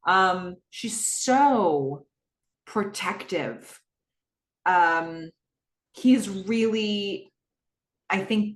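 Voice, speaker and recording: A woman talks through a TV scene in casual podcast style, chatty and full of fillers and exasperated asides. Her voice sits a little low. The recording has a noticeably roomy echo. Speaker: podcast host recapping a TV episode. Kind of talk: casual solo recap, reading out scenes.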